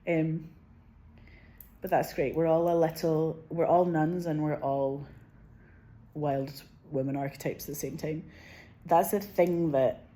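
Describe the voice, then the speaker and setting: A woman's voice: low-pitched, fairly even intonation, unhurried, pauses often, warm tone. A woman in her forties talking to camera in a loose, rambling monologue, swearing freely and filling her sentences with "like.". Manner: rambling and profane, heavy use of "like". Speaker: vlogger.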